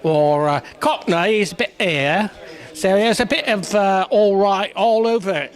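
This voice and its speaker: Hesitant, rambling man, slightly high. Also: unhurried. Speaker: stage actor interviewee. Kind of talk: casual interview.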